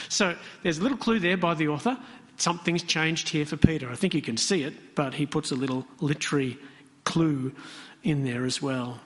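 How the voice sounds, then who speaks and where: A man's voice: fairly high pitch, fairly bright tone. A man preaching a sermon, talking conversationally and putting questions to the congregation. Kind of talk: interactive sermon. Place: church hall. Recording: long hall reverb.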